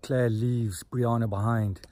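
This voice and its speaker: A man's voice: mid-range voice, steady tone, slow pace, dark tone, no echo. Chatty middle-aged man. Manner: chatty, rambling, with frequent ums. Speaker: book and TV series reviewer. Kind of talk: casual chat to camera. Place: in a car on a road trip.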